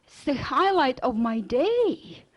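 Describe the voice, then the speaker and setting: High-voiced woman telling a story. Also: takes it slowly, muffled recording. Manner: lively storyteller with non-native grammar. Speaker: lecturer. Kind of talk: personal story told in a lecture.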